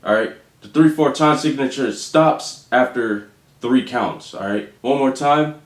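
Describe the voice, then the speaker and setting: A man teaching drum rudiments, calling out stickings and counting beats aloud slowly. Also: mid-range voice, over music. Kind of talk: instructional demonstration. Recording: echoey room with faint noise.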